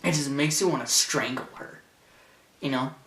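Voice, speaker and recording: A man's voice: mid-range voice, moderate pace, fairly bright tone, roomy sound, recorded from a distance. A teenage boy ranting sarcastically and indignantly into a camcorder in his bedroom. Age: teens. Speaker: vlogger. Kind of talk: ranting vlog. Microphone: camcorder mic.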